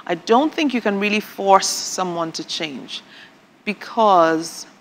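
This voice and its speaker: A woman guest on a talk show, chatting casually and telling lively stories with dry, sarcastic humor. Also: mid-range voice, takes it slowly, long reverb tail. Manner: animated storyteller, laughs often, dry sarcastic humor.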